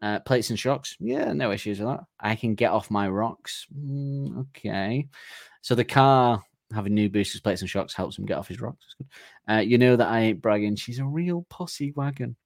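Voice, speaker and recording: A man's voice: mid-range voice, normal speed, gravelly, no echo, studio quality. A man co-hosting a podcast, chatting casually and jokily, acting out silly scenes and laughing often. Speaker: podcast co-host. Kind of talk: casual comedic chat.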